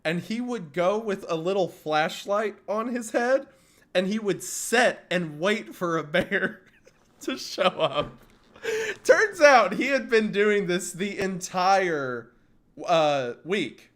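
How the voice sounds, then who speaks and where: High-voiced man telling a story. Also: slow. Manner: animated, laughs often, acts out quotes loudly. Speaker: streamer. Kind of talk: casual storytelling.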